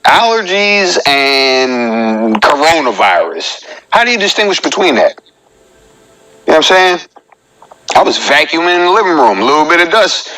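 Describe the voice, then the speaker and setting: A man's voice: on the high side, big pitch swings, normal speed, pushed and bright, rough recording. A man in his thirties, a comedian hosting his own live show and joking in a chatty way as he talks straight to his viewers. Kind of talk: casual live-stream comedy monologue.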